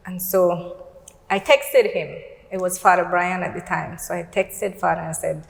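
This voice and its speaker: A woman's voice: on the low side, fairly even intonation, a little slow, creaky. Earnest Belizean woman in a roomy hall. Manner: earnest, storytelling with quoted dialogue. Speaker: guest. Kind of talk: personal testimony in a faith talk show.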